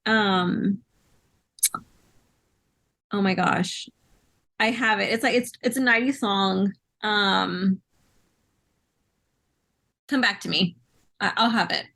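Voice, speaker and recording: A woman's voice: mid-range voice, slow, vocal fry, pauses often, sharp tone. A woman co-hosting a podcast in casual chat, talkative and peppering her talk with "like". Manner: chatty, many "like" fillers. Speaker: podcast co-host.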